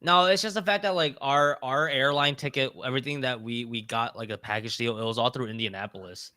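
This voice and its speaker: A man's voice: mid-range voice, a little fast, clean tone, dry recording, clean studio sound. A man chatting casually on a podcast, telling a story with lots of swearing and acting out the people in it. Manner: animated, swearing, acts out the people in his story. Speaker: podcast co-host.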